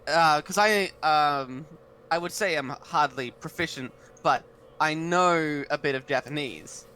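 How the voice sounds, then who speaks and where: A man with a bright, forceful voice, chatting on a casual podcast. He pitches a little high and thinks aloud, trailing through fillers. Faint noise hangs behind him. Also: measured pace. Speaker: podcast co-host. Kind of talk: casual online podcast chat.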